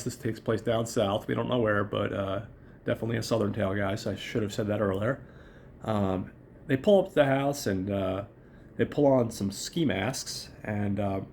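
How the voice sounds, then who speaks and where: A man's voice: fairly low pitch, darkish tone, a little hiss or hum. A man hosting a casual show and recapping a film in a chatty, rambling, profane way. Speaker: podcast host.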